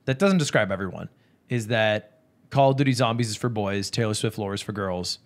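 A young man co-hosting a podcast in casual chat, dry and deadpan as he teases the host. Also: lowish voice, fairly quick. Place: studio, seated beside the host.

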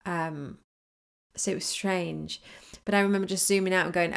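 A woman's voice: medium pitch, a little fast. A woman manifesting coach talking casually in a solo podcast, telling a rambling story with lots of fillers and restarts.

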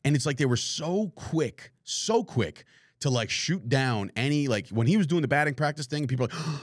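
Animated exasperated man ranting about sports. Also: a little high, normal speed, no room sound, clean studio sound. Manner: animated, exasperated, swears freely. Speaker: podcast host. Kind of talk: casual live-stream sports rant.

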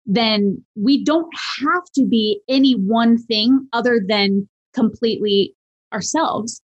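A woman guest on a podcast, talking casually and animatedly about voice and charisma, swooping high at times to demonstrate. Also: slow, highs cut off. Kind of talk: casual interview chat.

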